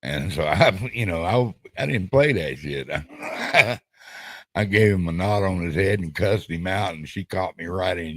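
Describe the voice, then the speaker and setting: A man's voice: low-pitched, expressive, a little slow, no room sound. A middle-aged man, telling rambling family stories in casual stop-start chat on a podcast. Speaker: podcast co-host.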